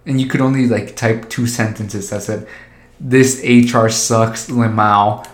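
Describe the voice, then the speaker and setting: A man's voice: medium pitch, steady tone, unhurried. A man telling stories in casual chat, crude and joking, laughing often. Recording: roomy echo.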